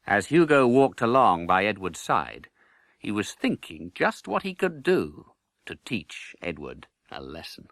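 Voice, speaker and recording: A man reading a children's storybook aloud with expressive narration. His pitch swings widely and his tone sounds bright. The recording is dry and close. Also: measured pace, creaky, no echo. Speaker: audiobook narrator.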